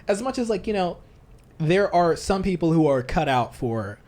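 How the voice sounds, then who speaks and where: A man's voice: a little high, normal speed. Male podcast host, casual and rambling, full of restarts. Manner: rambling, many restarts, animated impressions. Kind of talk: casual chat. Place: church.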